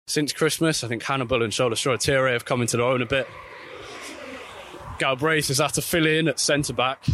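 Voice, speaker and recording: A man reporting on football while walking outdoors, chatting casually and correcting himself as he goes. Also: slight background noise. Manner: chatty, self-correcting, lively pitch swings. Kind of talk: walking vlog commentary. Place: outdoors by a street.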